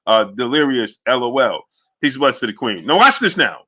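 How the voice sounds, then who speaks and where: Animated, bright-voiced male boxing stream host. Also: mid-range voice, fairly quick, husky. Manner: animated, hypes the audience, shouts out chat names. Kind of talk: livestream commentary reading chat.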